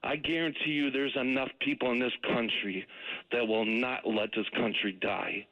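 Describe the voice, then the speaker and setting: A man's voice: mid-range voice, fairly even intonation, normal speed. Man, 40s, caller, angry, impassioned, muffled phone line. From Wisconsin. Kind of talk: call-in radio talk.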